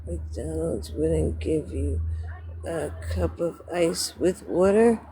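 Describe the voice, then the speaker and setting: A woman's voice: low voice, takes it slowly, warm tone, slight background noise. A woman livestreaming casual chat from outdoors near a road, rambling and correcting herself, close to tears with frustration.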